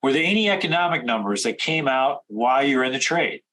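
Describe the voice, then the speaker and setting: A man coaching traders in a direct instructional talk, firing off rapid questions. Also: medium pitch, expressive, pushed and bright, rough recording. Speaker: trading coach.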